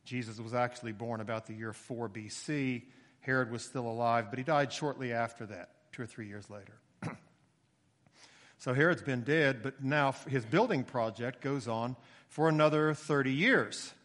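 A man preaching an expository sermon in a steady, explanatory teaching voice, with occasional emphatic lifts. His pitch sits mid-range for a man. The sound carries a long reverb tail, as if heard across a church sanctuary. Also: moderate pace.

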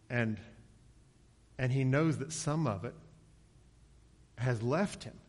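A man preaches an expository sermon in a conversational style, lifting his voice to act out the lines he quotes.

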